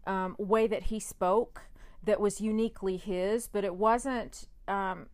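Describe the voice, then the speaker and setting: A woman's voice: medium pitch, steady tone, takes it slowly, a little mellow. A woman co-hosting a podcast, discussing an old film in a conversational, agreeable way. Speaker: podcast co-host.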